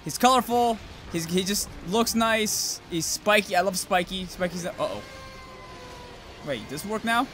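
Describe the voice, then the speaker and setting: A young man commentating his own gameplay, rambling to himself and cursing loudly at the monsters. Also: high voice, lively intonation, unhurried, soft background music. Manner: profane, rambling, yells at monsters.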